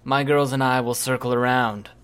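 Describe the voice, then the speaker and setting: A man reading aloud, voicing a cold, arrogant villain with a cool, dismissive, slow delivery. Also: medium pitch, level tone, fairly bright tone, smooth, natural voice.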